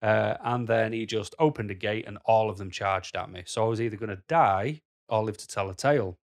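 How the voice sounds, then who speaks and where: A man's voice: on the low side, fairly quick. A man talking to camera in a blunt, rambling way, full of "you know" fillers. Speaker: vlogger. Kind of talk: casual monologue to camera.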